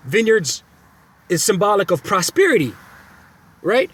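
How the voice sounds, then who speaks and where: A man gives an emphatic scripture lesson in a sermon style. His voice sits a little high and sounds somewhat husky. He keeps repeating phrases and checking in with "right?" as he goes. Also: lively intonation, normal speed, long pauses. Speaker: teacher of a religious camp.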